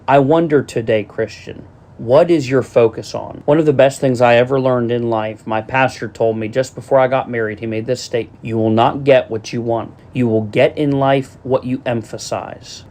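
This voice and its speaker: A man's voice: medium pitch, a little mellow. A middle-aged man preaching a sermon as a pastor, earnest, speaking straight to his listeners and repeating his refrains.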